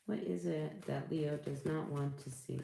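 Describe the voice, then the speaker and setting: A low-voiced woman gives a casual tarot reading, circling around her thoughts with restarts and reassurances. Her voice rings in an echoey room. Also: fairly even intonation, unhurried, creaky, warm tone, a little hiss or hum. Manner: rambling, searching for words, reassuring. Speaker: tarot reader.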